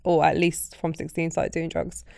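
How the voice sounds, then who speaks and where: A woman's voice: sits low, monotone, moderate pace, gravelly, dry recording, studio quality. A British woman hosting a podcast, asking questions and affirming often. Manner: warm affirming interjections. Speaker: podcast host. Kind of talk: casual interview chat.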